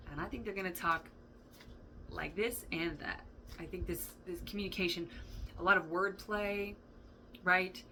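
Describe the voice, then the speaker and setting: A woman's voice: lowish voice, sharp tone, slight background noise, poor audio. A woman giving a casual tarot reading, rambling and thinking aloud, with laughs and the odd swear word. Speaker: tarot reader. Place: indoor room with a fan running.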